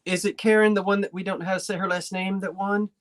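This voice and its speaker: A woman's voice: medium pitch, level tone, quick pace. Chatty woman hosting a live antiques sale. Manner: chatty, folksy, trails off and restarts while describing items. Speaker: online antiques auction host. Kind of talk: live sale stream presenting. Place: decorated home living room.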